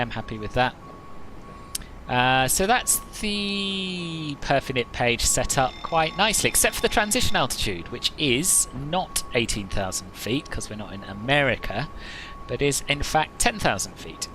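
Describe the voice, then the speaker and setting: A man's voice: mid-range voice, expressive, a little slow, over music, poor audio. A man chatting casually as he streams a flight simulator session, joking with viewers and often laughing at himself. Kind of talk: casual live-stream commentary.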